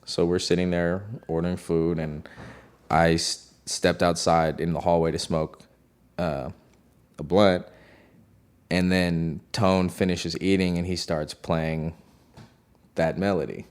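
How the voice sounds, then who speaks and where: A man's voice: deep voice, level tone, takes it slowly, long pauses, clean tone. A man, a music producer, telling a studio story in a loose, slangy way, heavy on "like". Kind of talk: casual storytelling.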